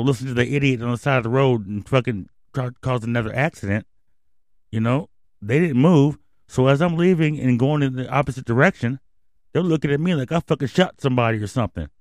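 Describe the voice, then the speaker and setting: A male host tears through a profane, heated rant on his radio show. His voice sits at an ordinary middle pitch. The sound is dry and close, with no room around it. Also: a little mellow, dry recording. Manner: angry, swearing constantly, heated.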